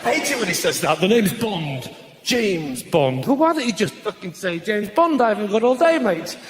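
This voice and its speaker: A man doing stand-up comedy, ranting and slipping into shouted voices for his bits. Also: high voice, big pitch swings, fast, a faint crowd. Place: live comedy venue with audience laughter. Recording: noisy live stage recording.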